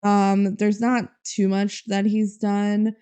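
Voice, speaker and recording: Speaking slowly in a mellow, clear, resonant voice of medium pitch that barely rises or falls, a young woman from Minnesota, USA co-hosts a podcast. She chats casually, laughing often and using plenty of fillers.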